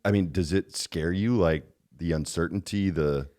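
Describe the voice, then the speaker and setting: A very low-voiced man hosting a relaxed interview. He keeps things easygoing, tossing in brief agreements and loose questions. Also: normal speed. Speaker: podcast host. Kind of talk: casual interview chat.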